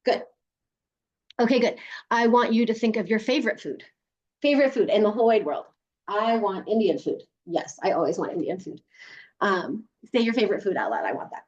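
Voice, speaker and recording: A woman's voice: mid-range voice, lively intonation, a little fast, a little mellow, slightly rough, highs cut off. A woman leading a group through a guided body exercise on a video call, coaching them and often laughing. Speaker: workshop leader.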